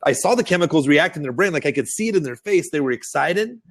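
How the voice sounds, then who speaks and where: A man hosting a marketing webinar, telling stories in a lively, animated way and acting out the people he quotes. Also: fast talker. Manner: animated storyteller, acts out quotes in high excited voices. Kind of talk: casual webinar talk. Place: Austin.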